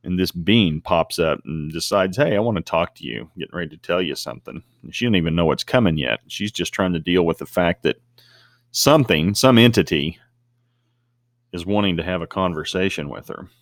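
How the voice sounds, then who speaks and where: A man teaching a Bible study lesson, slowing down to stress Greek words. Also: deep voice, dry recording, studio quality. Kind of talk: scripture study talk. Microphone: desk mic at a computer screen recording.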